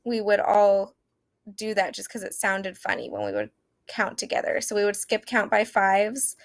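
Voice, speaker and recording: A woman's voice: mid-range voice, very animated, moderate pace, no room sound. A young woman teacher from Oklahoma explaining early math ideas in a casual, hesitant way, with many fillers. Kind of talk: informal lesson on early math.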